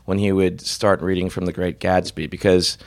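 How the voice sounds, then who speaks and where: A man's voice: deep voice, level tone, moderate pace, no echo. A middle-aged man with a nasal, buzzy voice, a voice actor chatting as a guest in a casual interview, rambling with restarts. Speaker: guest, voice actor and show creator.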